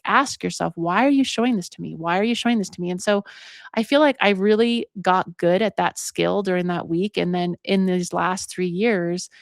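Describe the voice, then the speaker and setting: A woman's voice: medium pitch, no room sound. Earnest woman in her forties, dry sound. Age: 40s. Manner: conversational, heavy use of "like", earnest. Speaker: podcast host. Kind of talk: reflective personal monologue.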